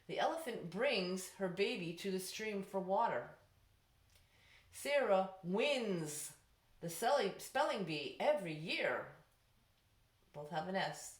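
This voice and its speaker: A middle-aged woman teacher giving a patient step-by-step grammar lesson to young students over distance learning. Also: medium pitch. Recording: echoey room.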